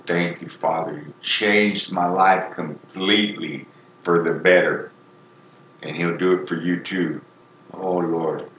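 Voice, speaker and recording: A man's voice: deep voice, fairly bright tone, echoey room. A man preaching an informal sermon in a folksy, earnest, conversational way.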